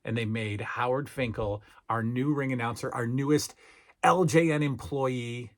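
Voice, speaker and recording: A man's voice: mid-range voice, a little slow. A middle-aged man hosting a toy review vlog, with emphatic, salesman-like patter and repeated phrases as he talks to his viewers. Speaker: toy collector channel host.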